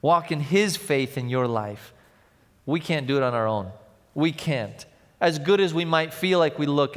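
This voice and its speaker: A male pastor preaching a sermon, telling stories and swinging from loud to hushed. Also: on the high side. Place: large church. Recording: long church hall reverb.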